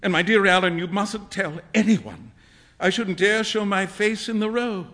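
A man voicing an earnest, easily flustered young gentleman in a storybook reading, speaking ruefully. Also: high voice, moderate pace, voice pushed up.

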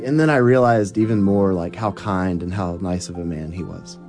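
A male English teacher interprets a student's personal story for radio. He talks in a gentle, unhurried way. His voice is low and dark-toned. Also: soft background music.

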